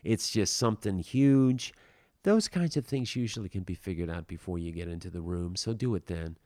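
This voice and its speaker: A man with a fairly low voice talks straight into a dry, close mic with no room sound. He hands out blunt, emphatic advice in a casual, wry monologue, swearing now and then. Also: normal speed, mellow, no echo. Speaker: podcast host giving acting advice.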